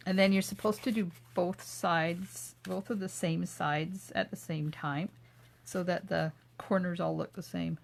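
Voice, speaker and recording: An older woman's gravelly, fry-tinged voice, pitched a little low, hosting a live craft demo from her home craft room. She talks at an unhurried pace, narrating each step of her work and casually answering viewers' comments as they come in. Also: fairly even intonation, slight background noise. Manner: chatty, answers viewer comments while working. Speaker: craft video host.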